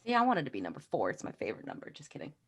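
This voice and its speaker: A woman's voice: sits low, racing, husky. A woman player in a tabletop card game, chatting casually and joking around. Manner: joking, excitable.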